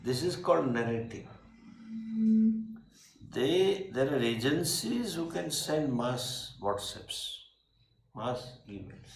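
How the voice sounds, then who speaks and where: An older man with an Indian English accent giving an informal spiritual talk, animated with laughing asides and emphatic bursts. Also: mid-range voice, slow, gravelly, long pauses. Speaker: swami, spiritual teacher. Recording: echoey room with faint background noise.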